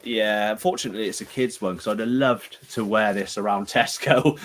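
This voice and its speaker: Bloke hosting a live stream over a webcam, chatty and rambling, laughs a lot. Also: male voice, lowish voice, fairly quick. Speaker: show host. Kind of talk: casual live-stream chat. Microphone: camera used as webcam.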